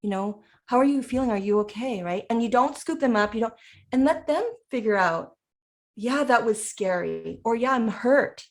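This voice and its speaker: A woman's voice: fairly high pitch, lively intonation, moderate pace. A woman who is a parent and educator, talking through ideas in a casual presentation, often acting out what people say.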